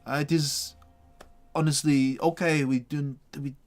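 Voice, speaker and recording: A man voicing a meek, earnest male priest in a tabletop game, speaking haltingly with frequent stammers. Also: a little high, fairly even intonation, soft background music. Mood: hesitant.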